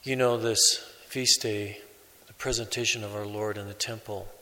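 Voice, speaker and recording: A priest delivers a sermon in a slow, measured way, pausing between phrases. His voice is slightly low yet bright and forceful. A long church reverb trails behind every word. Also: steady tone. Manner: slow, measured preaching with pauses.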